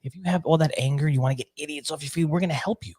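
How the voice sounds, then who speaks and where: A man's voice: on the high side, rapid-fire, a little mellow. Joking man co-hosting a live show. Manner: joking, rambling, trails off. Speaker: co-host. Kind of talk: casual live show chat.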